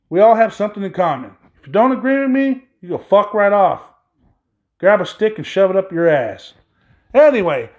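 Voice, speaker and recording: A man with a high-pitched voice rants angrily on his solo podcast, swearing constantly. The sound is dull and lo-fi. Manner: angry, profane ranting. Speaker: podcast host. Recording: dull lo-fi recording.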